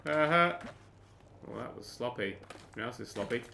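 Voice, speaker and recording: A man's voice: mid-range voice, animated, normal speed, vocal fry, pauses often, pushed and bright, a little hiss or hum. Sarcastic sweary British man ranting. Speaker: gaming YouTuber. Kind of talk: sweary game commentary.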